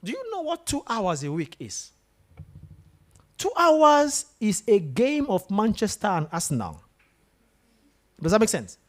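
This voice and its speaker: A guest speaker with a high voice gives a motivational talk to students in a lecture room, speaking unhurriedly with long pauses. His voice rises and falls in a lively, animated way as he tells stories and keeps asking the room questions.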